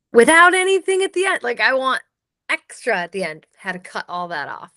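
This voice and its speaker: A woman actress being interviewed, telling stories in a peppy, animated way with lots of quoted asides. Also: fairly high pitch, brisk, no echo, studio quality. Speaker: actress and voice actor, guest. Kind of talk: casual interview chat.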